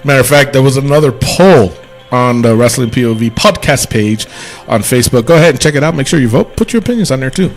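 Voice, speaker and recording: A man co-hosting a podcast, talking about wrestling in a rambling, animated way and laughing often. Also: medium pitch, fast talker, faint music behind. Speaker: podcast co-host. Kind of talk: casual wrestling chat.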